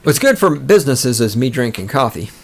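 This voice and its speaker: A man's voice: mid-range voice, very animated, brisk, vocal fry. A man hosting a podcast, ranting with sarcastic, profane, mocking commentary. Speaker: podcast host.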